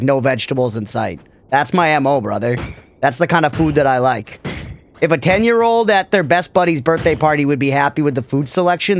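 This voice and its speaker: A man streaming a video game, chatting casually and joking as he answers his chat. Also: on the high side. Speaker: gaming streamer. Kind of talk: casual live-stream chat over gameplay.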